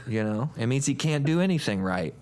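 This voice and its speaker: A man's voice: mid-range voice, lively intonation, brisk, darkish tone. A man from Indiana co-hosting a radio show, joking and bantering casually. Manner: joking, playful. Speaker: radio co-host.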